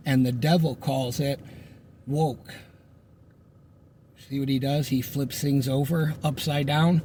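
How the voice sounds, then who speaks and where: A man's voice: mid-range voice, fairly even intonation, slow, long pauses, dark tone, slight background noise. A middle-aged man from North Carolina telling a rambling, joking personal story in a casual chat, acting out voices as he goes. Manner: rambling, joking, acts out voices in his stories. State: sunburned.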